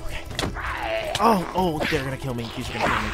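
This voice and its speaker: A man narrating his own game roleplay in an excitable way, often yelping and panicking as things chase him. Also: mid-range voice, a little fast, pauses often. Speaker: gamer doing a roleplay. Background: game music.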